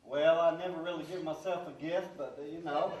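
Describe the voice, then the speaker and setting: A man speaking in halting, unsure phrases, filled with pauses, as a customer in a stage sketch. His voice sits high and sounds distant and roomy with faint hiss. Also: fairly even intonation, a little mellow, lo-fi sound. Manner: hesitant, halting with many uhs. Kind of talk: live sketch comedy on stage.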